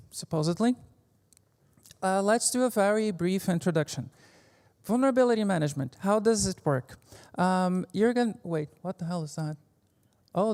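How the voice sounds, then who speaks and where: A woman with a fairly low voice gives a relaxed technical talk from a conference stage. She is informal and wry, drops in the odd curse word and fills her pauses with "um" and "like." Her voice carries a long reverb tail from the large hall around her. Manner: informal and joking, with frequent fillers and mild swearing. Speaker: conference speaker. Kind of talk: casual technical presentation.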